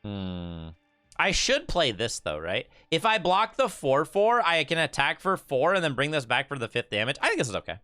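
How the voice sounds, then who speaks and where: A young man from Michigan chats casually to his stream while playing a card game, often stammering and repeating words. His voice is fairly high, very animated, pushed and bright at a moderate pace, with no room sound and faint music behind.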